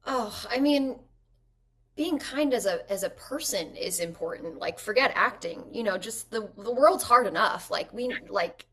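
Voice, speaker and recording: A woman, an actress and guest, telling stories at home in a lively way and using "like" often. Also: mid-range voice, measured pace. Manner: animated storyteller, frequent "like" fillers. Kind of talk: conversational interview.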